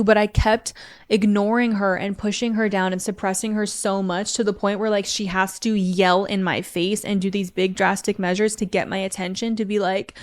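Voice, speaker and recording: A woman's voice: mid-range voice, fairly even intonation, moderate pace. A young woman hosting a podcast, talking candidly about therapy and faith, with many "like" fillers. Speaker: podcast host. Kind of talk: personal faith talk.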